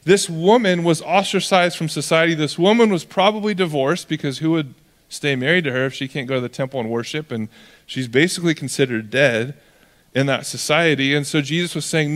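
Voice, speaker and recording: A young man preaching a sermon as pastor, in a conversational, animated way that acts out characters. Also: a little high, a little fast. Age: young adult. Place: church hall. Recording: long reverb of a church hall.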